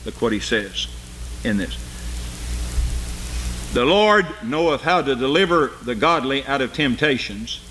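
An older man preaching a sermon, swinging between loud high cries and low, quiet asides. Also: lively intonation, measured pace, pauses often, a little hiss or hum.

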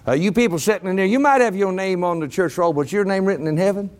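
A man preaching a sermon to a congregation, rising to shouted emphasis. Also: sits high, fast talker. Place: church congregation.

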